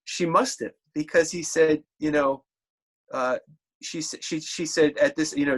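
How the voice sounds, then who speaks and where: A man delivers a church sermon in an everyday conversational voice. He stumbles and restarts as he works through his thoughts, then slows and steadies himself for scripture quotes. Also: fairly high pitch, a bit bright. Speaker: preacher.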